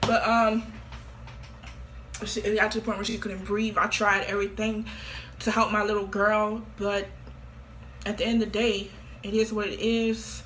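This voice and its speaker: Teen woman vlogger, bright forward voice, flat blunt delivery, faint noise behind. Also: mid-range voice, moderate pace, pauses often. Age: teens. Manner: blunt, offhand and flippant. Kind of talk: casual monologue to camera.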